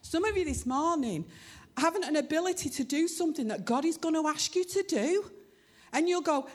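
A woman's voice: sits high, animated, normal speed. A woman preaching a sermon in church, earnest and emotional, her voice rising with fervor as she urges the congregation. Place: church hall.

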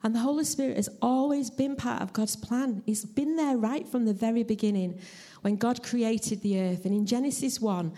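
A woman preaching a church sermon in an earnest, heartfelt, measured way and sharing her own testimony. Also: fairly high pitch, mellow. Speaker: lay preacher. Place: church service.

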